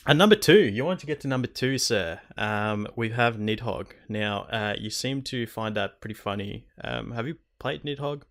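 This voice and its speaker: A man's voice: medium pitch, expressive, moderate pace. A young man co-hosting a gaming podcast in casual, sweary banter. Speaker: podcast co-host. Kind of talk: casual chat.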